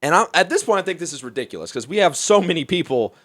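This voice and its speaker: A young man from Alabama, a comedian guest telling a story in a profane, animated way, laughing as he goes. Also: fairly high pitch, quick pace, dry recording, studio quality. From Mobile, Alabama, US. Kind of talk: casual storytelling.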